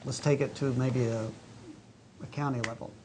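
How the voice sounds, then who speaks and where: Man explaining software, halting and casual. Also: mid-range voice, fairly even intonation, noisy background. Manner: halting, filler-heavy explaining. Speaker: software consultant guest. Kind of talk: casual talk show interview.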